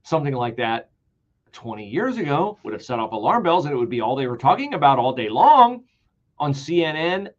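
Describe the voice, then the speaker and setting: A man's voice: fairly high pitch, very animated, fairly quick, dull audio. A man hosting a political talk radio show, delivering an emphatic, sarcastic monologue that repeats key words for emphasis.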